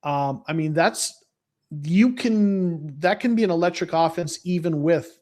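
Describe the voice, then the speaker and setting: Man, slightly high voice, rambling, lots of restarts, casual fan chat. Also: a little slow, darkish tone. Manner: rambling, many restarts and fillers. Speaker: fan guest.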